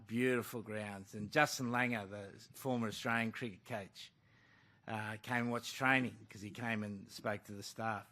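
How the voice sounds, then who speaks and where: A man's voice: mid-range voice, pushed and bright. A man, a rugby coach, answering reporters at a press conference in a blunt, conversational way. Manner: blunt, conversational, calls people mate. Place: press club room.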